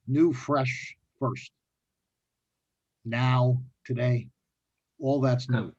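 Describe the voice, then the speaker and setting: A man's voice: medium pitch, steady tone, extremely slow, darkish tone, dull audio. A man with a New York accent talking conversationally on a webinar panel.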